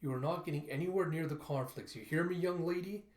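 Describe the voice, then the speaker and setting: A man's voice: fairly high pitch, quick pace, darkish tone, reverberant, natural voice. A man voicing a stern, protective middle-aged father.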